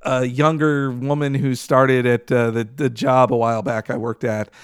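A man's voice: mid-range voice, flat delivery, normal speed, smooth, no room sound, studio quality. A man co-hosting a podcast in casual chat, heated and ranting, swearing freely. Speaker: podcast co-host.

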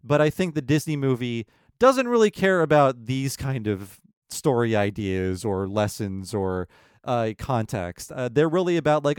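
A man hosting a podcast, telling a story in a lively way and acting out the quotes. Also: medium pitch, normal speed, smooth, no room sound, studio quality. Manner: animated storyteller, acts out quotes. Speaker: podcast host. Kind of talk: casual podcast chat.

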